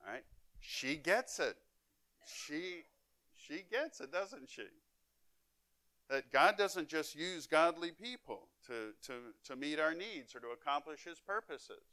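Man, pastor, sermon, emphatic rising and falling delivery, smooth resonant voice. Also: on the high side, expressive, slow, no echo. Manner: emphatic preaching with wide swings in loudness and pace.

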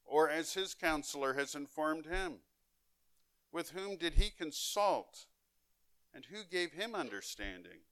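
A man pastor preaching a sermon, with emphatic delivery that swings between loud and soft and between fast and drawn out. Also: fairly high pitch, expressive, dry recording. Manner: emphatic preaching with wide swings in loudness and pace.

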